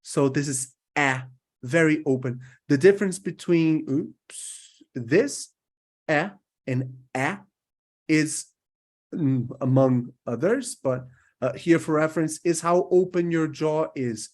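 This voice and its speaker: A man's voice: fairly high pitch, slow, darkish tone. A man from Brazil teaching English pronunciation in a recorded lesson, holding out vowel sounds to demonstrate them and checking in with his listeners again and again. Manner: checks in often with "right?".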